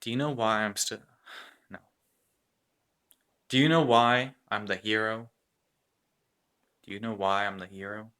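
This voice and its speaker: A man's voice: on the low side, steady tone, unhurried, pauses often, fairly bright tone, clean tone. A man voicing a huge, buff, graying male action-hero star who delivers a self-important monologue. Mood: boastful.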